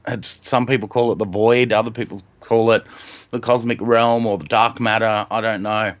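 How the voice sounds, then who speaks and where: Low-voiced Australian man, halting storyteller. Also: little pitch movement, highs cut off. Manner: reflective, halting, frequent ums and restarts. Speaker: podcast guest. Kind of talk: personal storytelling in conversation.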